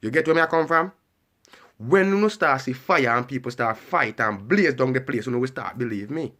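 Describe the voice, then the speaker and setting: A man's voice: mid-range voice, lively intonation, moderate pace, pushed and bright. A man delivering a heated, repetitive ranting monologue and pressing the listener with questions. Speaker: vlogger.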